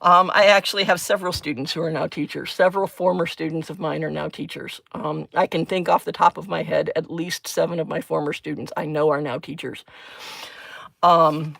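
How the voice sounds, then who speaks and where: A woman's voice: sits low, fairly even intonation, a little fast, creaky, fairly bright tone, no echo. Chatty middle-aged woman, dry sound. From United States. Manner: chatty, rambling, self-deprecating, laughs often. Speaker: crafting livestreamer, former chemistry teacher. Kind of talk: casual livestream chat.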